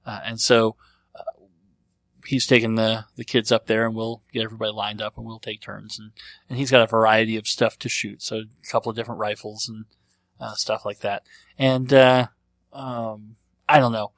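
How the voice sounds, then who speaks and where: A man's voice: on the low side, little pitch movement, normal speed, fairly bright tone, no echo. Man rambling casually, dry sound. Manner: rambling and conversational, thinking aloud. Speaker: podcast host. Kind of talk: casual chat answering listener questions.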